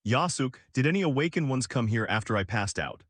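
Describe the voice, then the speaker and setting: A man's voice: mid-range voice, expressive, brisk, dry recording, studio quality, close to an everyday voice. A man voicing a thoughtful, wary young male hero in a recap story. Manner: thoughtful, uneasy.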